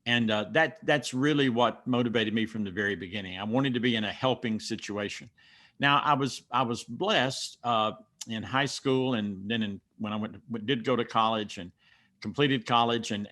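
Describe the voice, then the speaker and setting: A man's voice: medium pitch, a bit bright. A man from the mountains of North Carolina with a Southern accent, coaching speakers step by step and telling personal stories in a folksy, emphatic way. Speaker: speaker coach answering questions. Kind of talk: teaching Q&A and personal storytelling.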